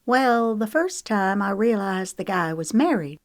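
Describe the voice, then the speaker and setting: A woman's voice: medium pitch, big pitch swings, measured pace, no echo, studio quality, voice pushed up. Woman voicing Lexi, wry young woman. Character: guarded young woman, reality show contestant.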